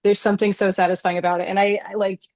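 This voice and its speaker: A woman's voice: medium pitch, little pitch movement, fast talker, darkish tone, no echo. A woman novelist as a guest in an interview, talking in an earnest, reflective way and peppering her speech with "like.". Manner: earnest and reflective, many "like" fillers. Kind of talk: casual interview conversation.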